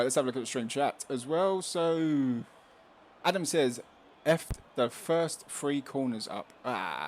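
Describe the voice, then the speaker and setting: A man hosts a live sim racing stream from home, chatting loosely and reading viewer messages aloud between laughs. His voice sits at a middle pitch, with a faint hiss of noise behind it. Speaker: stream host. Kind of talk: casual live-stream commentary.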